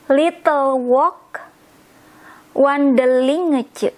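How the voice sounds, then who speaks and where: A woman language teacher whose first language is Indonesian explains vocabulary slowly in a high voice. She repeats words unhurriedly and spells out their endings, and the audio is poor.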